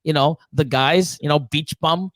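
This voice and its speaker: A man with a notably high voice hosts a live chat stream, swearing freely and telling stories with lots of animation. He laughs often mid-sentence and mimics the people in his stories. The sound is dry and close. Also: unhurried, no room sound. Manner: profane, animated storytelling; acts out quoted exchanges with voice changes. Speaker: host of a reptile-keeping live show.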